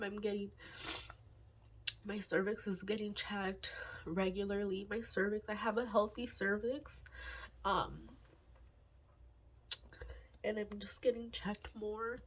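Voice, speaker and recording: A woman in her twenties talking candidly in a personal vlog, halting and sighing often, emotional and close to tears. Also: medium pitch, fairly even intonation, breathy edge. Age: 20s. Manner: halting, sighing, many fillers and restarts. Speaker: budgeting vlogger.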